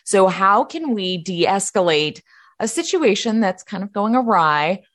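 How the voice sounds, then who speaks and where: A woman's voice: mid-range voice, big pitch swings, a little slow, a bit bright. A woman co-hosting an interview, asking questions and searching for her words with small restarts.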